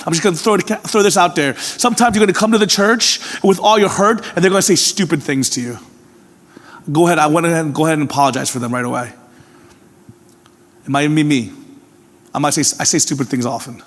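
A man's voice: fairly high pitch, fast. Earnest preacher man in a reverberant hall. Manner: earnest, swings from emphatic to hushed, repeats "can I tell you". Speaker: pastor. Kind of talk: sermon. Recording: long reverb of a large hall.

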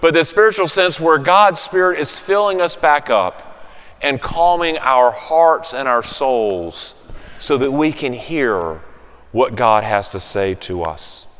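A man preaching a sermon, telling a story, then softening to a hushed, soothing voice. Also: a little high, clean tone, in a large hall. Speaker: pastor.

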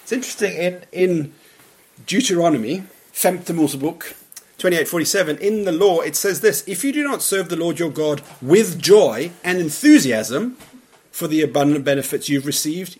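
A man preaching a sermon in a church, earnest and emphatic, often dropping to a quiet voice at the ends of phrases. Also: fairly high pitch, sing-song, normal speed. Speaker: pastor.

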